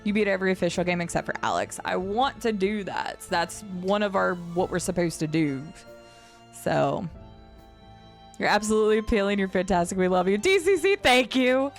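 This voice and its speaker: Chatty woman streamer with vocal fry. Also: moderate pace, faint music behind. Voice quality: low vocal fry at phrase ends. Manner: chatty and rambling, laughs often. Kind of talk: casual live-stream chat, reading and answering chat. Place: home streaming setup.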